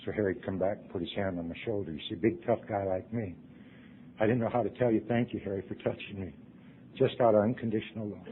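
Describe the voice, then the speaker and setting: A middle-aged man giving an earnest personal testimony to a recovery convention audience, swinging from loud to hushed. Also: fairly low pitch, steady tone, quick pace, a little hiss or hum. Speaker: recovery meeting speaker. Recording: tinny lo-fi tape recording.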